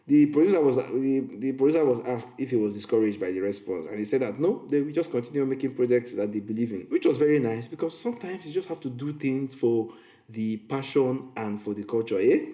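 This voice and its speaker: A mellow, medium-pitched man casually recaps in a vlog, playing film reviewer and storyteller and often restarting his sentences. The room he's in sounds echoey.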